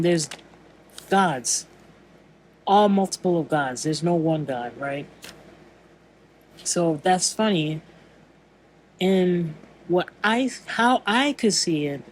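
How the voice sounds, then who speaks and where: Earnest, word-searching vlogger musing aloud on faith, medium pitch, faint background hum. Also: rough recording. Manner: rambling, searching for words, frequent restarts. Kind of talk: casual spiritual monologue.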